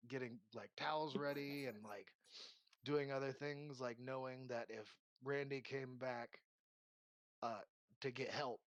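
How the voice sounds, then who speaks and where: A man running a tabletop game as game master. He narrates casually, with lots of "uh" and "like", at a middle pitch. The sound is dry and close. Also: dry recording. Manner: casual, filler-heavy.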